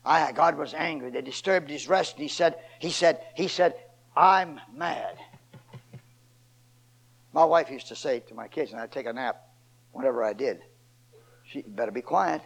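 A man's voice: normal speed, pauses often, rough recording. Older preacher man with big swings. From Ohio. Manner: preaching with big swings from shouted high pitch to low quiet asides. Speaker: pastor. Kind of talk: sermon.

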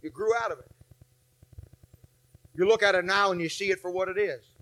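Forties male pastor, high and bright, acts out his stories between loud bursts and quiet asides. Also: fairly quick. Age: 40s. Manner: animated storytelling, acting out scenes, swinging from shouts to low asides. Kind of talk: sermon.

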